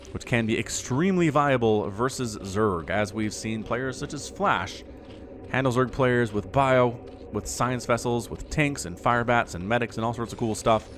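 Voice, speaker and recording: A man's voice: mid-range voice, fairly bright tone. A man casting a strategy game replay in a chatty, jokey way that wanders into asides. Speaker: game caster. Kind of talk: casual video game replay commentary.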